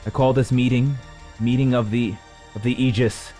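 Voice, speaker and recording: A man's voice: mid-range voice, fairly even intonation, moderate pace, mellow, faint music behind, voice pushed up, natural voice. Gaia, a man putting on a commanding council leader woman. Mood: proclaiming. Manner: proclaiming, rallying a crowd.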